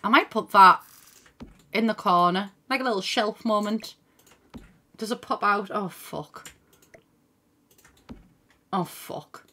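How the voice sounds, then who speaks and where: A woman's voice: mid-range voice, unhurried, pauses often, bright, forceful tone. A young woman chatting casually on a live game stream, thinking aloud, swearing now and then and thanking viewers by name. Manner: swears casually and laughs often. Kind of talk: casual gaming stream chat.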